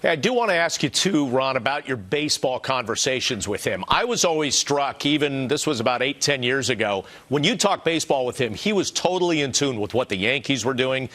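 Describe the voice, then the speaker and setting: A man's voice: mid-range voice, expressive, a little fast, hardly any pauses, fairly bright tone. A male interviewer asking long, leading questions. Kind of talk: broadcast interview.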